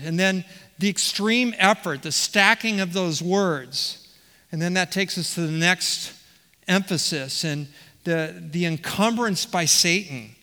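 Preacher, male, high and bright voice, emphatic and questioning, long church reverb. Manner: emphatic, repeats words, asks questions of the congregation. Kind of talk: expository sermon. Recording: long reverb of a large hall.

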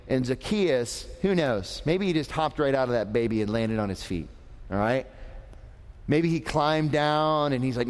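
Slow, lively preacher in a reverberant hall. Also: male voice, mid-range voice. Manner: animated, asks the audience questions. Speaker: preacher teaching young people. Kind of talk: lively sermon.

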